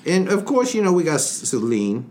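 A man playing a portly, pompous gentleman colonel, drawling and boastful on a comedy podcast. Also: high-pitched, huge pitch swings, normal speed. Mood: blustering. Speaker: podcast co-host. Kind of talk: comedic podcast character banter. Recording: light background noise.

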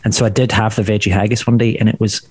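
A man's voice: fairly low pitch, level tone, racing, darkish tone, husky, no echo. A man with a mild west of Scotland accent, chatting as a comedian guest on a podcast and rambling through his stories with many restarts. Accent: mild west of Scotland Scottish. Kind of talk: casual podcast chat.

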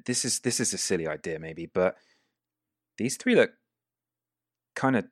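A man's voice: sits low, lively intonation, a little slow, no room sound, studio quality. A man voicing a young boy who stumbles over his words with eager hesitance. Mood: hesitant.

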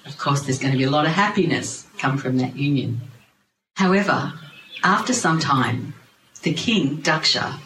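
Wry, animated storyteller. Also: mid-range voice. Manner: animated, wry, laughing asides. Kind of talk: lively spiritual storytelling to a group. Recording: roomy, noisy ambience.

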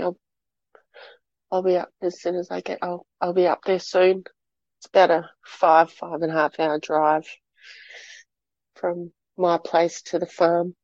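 Aussie woman, lowish mellow voice, dry dull lo-fi sound, halting retelling. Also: dry recording. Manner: halting, repeats words while recounting. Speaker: interview guest. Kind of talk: personal story told in an interview.

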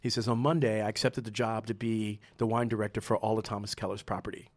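A man being interviewed, telling stories in a casual, animated way, laughing often and acting out what people said. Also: fairly low pitch, fast, dry recording. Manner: animated, laughs often, acts out quoted dialogue. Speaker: guest, sommelier and restaurateur.

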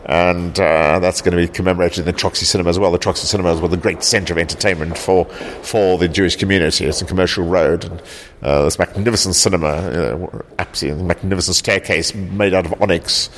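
A South African-born man who founded a local heritage group answers interview questions in a halting, repetitive way, often signing off with "actually". His voice sits low with fairly even intonation, and a little hiss or hum is audible.

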